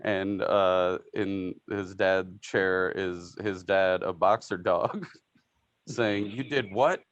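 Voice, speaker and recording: A man's voice: low voice, flat delivery, very slow, clean tone, no echo, highs cut off. A man co-hosting a podcast in a casual chat, describing memes, swearing freely and laughing as he talks. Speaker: podcast co-host.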